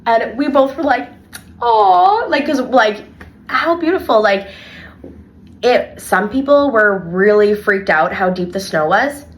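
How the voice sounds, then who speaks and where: Young woman podcast cohost, rambly animated storytelling, lots of "like", average pitch. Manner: animated storyteller, heavy filler "like". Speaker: podcast co-host and childcare worker. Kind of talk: casual podcast chat.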